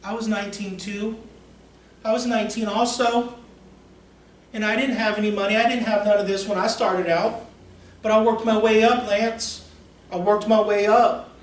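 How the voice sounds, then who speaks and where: An earnest army sergeant urges a recruit on, emphatic and repeating himself, as a man puts him on. The voice sits high and sounds distant in an echoing room with faint noise. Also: level tone, normal speed, long pauses, lightly acted. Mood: encouraging. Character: seasoned male army sergeant, encouraging mentor. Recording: roomy echo, distant mic, faint noise.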